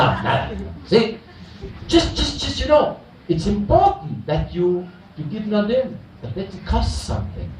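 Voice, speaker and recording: A man's voice: high voice, darkish tone, slight background noise. A man, a priest, preaching an earnest retreat sermon full of rhetorical questions and restarts. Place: chapel. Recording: echoey chapel from a distance.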